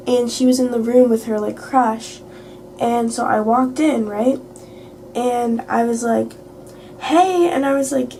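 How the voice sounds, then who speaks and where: A teenage girl rambles through a casual storytime, swearing freely, in a fairly high but mellow voice with a gravelly edge. She sits a little back from the mic, with a faint hiss behind her. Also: recorded from a distance, rough recording. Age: teens. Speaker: vlogger. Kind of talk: casual late-night storytime rant. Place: at home.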